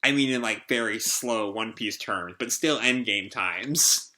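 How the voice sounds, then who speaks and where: A man's voice: fairly low pitch, measured pace, very noisy. A man hosting a casual live reaction, reading out a comic chapter and rambling with lots of fillers and restarts. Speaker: manga reaction host.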